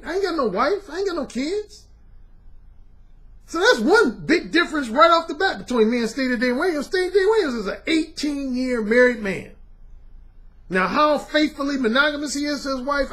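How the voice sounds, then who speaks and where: A man's voice: very high voice, a bit bright. A middle-aged man and dating coach talking bluntly and casually to his viewers, dropping "man" and slang as he goes. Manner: blunt, colloquial, repeats "man".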